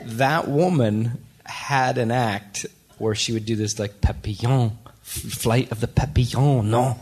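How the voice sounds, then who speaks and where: A man's voice: mid-range voice, measured pace, a little mellow, a little hiss or hum. A man co-hosting a live podcast, dropping dry asides. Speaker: podcast co-host. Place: theater stage before a live audience.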